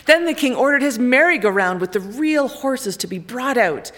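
A woman reading a children's picture book aloud in an expressive, lively storytelling way. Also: fairly high pitch, normal speed.

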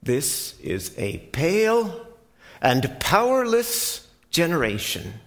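A man's voice: a little high, huge pitch swings, slow pace, pitched above the performer's own voice, heavily acted. A man voicing an exasperated teacher who rebukes a faithless crowd and gives commands.

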